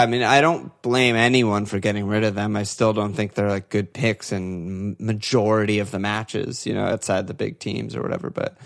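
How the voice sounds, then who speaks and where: A man's voice: on the low side, creaky. A man co-hosting a casual fantasy football chat, laughing often and swearing as he retells matches. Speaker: podcast co-host.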